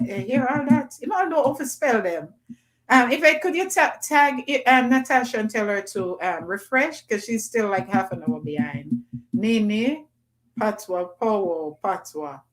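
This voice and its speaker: Lady doing a live stream, reading out comments, chatty and playful, mid-pitched voice. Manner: chatty, reads comments aloud, playful patois bits. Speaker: livestream host reading viewer comments. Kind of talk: casual livestream chat.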